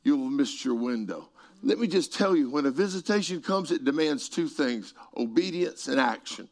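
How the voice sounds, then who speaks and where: A middle-aged man preaching a sermon and telling stories, moving between quiet passages and shouted peaks. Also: fairly high pitch, animated, moderate pace. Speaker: pastor. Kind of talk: sermon storytelling.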